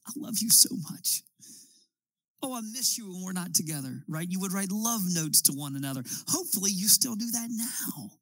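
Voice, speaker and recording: A man's voice: fairly high pitch, fairly bright tone, no echo, poor audio. A man preaching a sermon as a pastor, building his points with emphatic, rising appeals.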